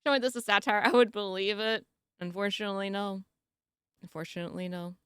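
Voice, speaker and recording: A woman's voice: mid-range voice, steady tone, fast, a little hiss or hum. A woman streamer reacting to a video in casual chat, giggly and teasing as she pokes fun at long-winded wording.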